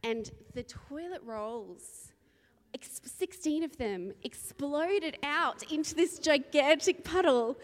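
A woman from Australia, a preacher, opening a sermon with a lively, rambling personal story and frequent laughter. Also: high-pitched, takes it slowly. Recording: long reverb in a large hall.

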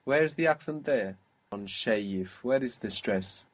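Man, language teacher, patient, explaining and quizzing, average pitch. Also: animated, takes it slowly. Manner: patient, quizzing a student and modelling pronunciation. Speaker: Arabic teacher. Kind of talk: spoken language lesson.

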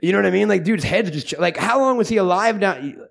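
Give me a crude, rambling male podcast host with a slightly high voice. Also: lively intonation, fast talker, gravelly, a bit bright. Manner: crude, rambling, joking, lots of fillers. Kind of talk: casual comedic banter.

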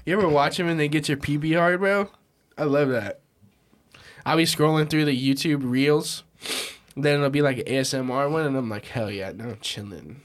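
A man's voice: on the high side, fairly even intonation, moderate pace. A young man hosting a podcast, chatting casually with crude jokes. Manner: crude joking banter, mock ASMR whispering. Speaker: podcast host. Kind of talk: casual chat.

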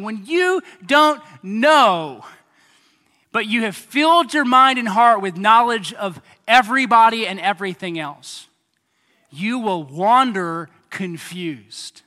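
High, bright-voiced preacher in a hall. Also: male voice, measured pace. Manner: animated preaching with sound effects and acted-out voices. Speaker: pastor. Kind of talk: sermon. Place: church hall. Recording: hall reverb.

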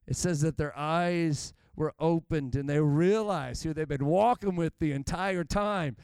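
In a smooth, high voice with no room sound, a male pastor preaches a church sermon built around stories. He dramatizes the quotes of the people he describes, his intensity climbing as he goes.

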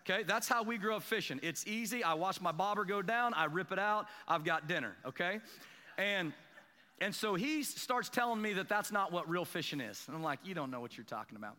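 A man preaching a sermon, telling a self-deprecating fishing story and building to excited emphasis. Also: sits high, moderate pace, long reverb tail. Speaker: pastor. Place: church sanctuary.

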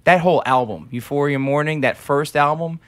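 A man, a musician guest, chatting eagerly and haltingly about his set. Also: a little high, clean tone. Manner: enthusiastic, hesitant, many fillers. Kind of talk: casual chat.

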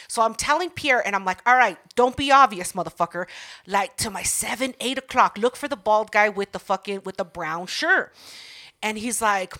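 A woman's voice: mid-range voice, normal speed, pushed and bright. A woman co-hosting a podcast, swearing freely and laughing often as she tells a story in casual chat. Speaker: podcast co-host.

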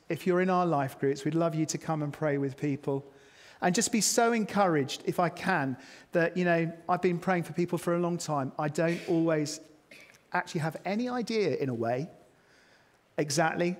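Chatty preacher in an echoing hall. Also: male voice, a little high. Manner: chatty, self-mocking asides to the congregation. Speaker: pastor. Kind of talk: sermon. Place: church hall. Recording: long reverb of a church hall.

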